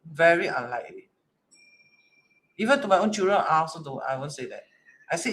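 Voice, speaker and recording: Talking casually to an online class, a Chinese metaphysics teacher uses colloquial English peppered with "lah" and "lor." The voice is medium-pitched, a bit bright, expressive and fairly quick, broken by long pauses. The manner is chatty, with a rhetorical "correct?" tossed in often.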